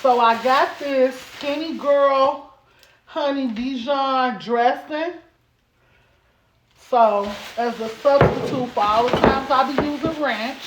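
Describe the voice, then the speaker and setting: A woman vlogging at home as a mom, chatting casually to the camera in a playful, animated way and calling her viewers baby and girl. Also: sits high, background noise. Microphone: camera set up on a stand. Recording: roomy echo.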